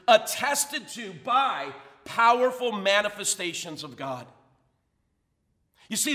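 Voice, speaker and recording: A man's voice: sits high, sharp tone, in a large hall. A man preaching a sermon as pastor, emphatic and full of rhetorical questions.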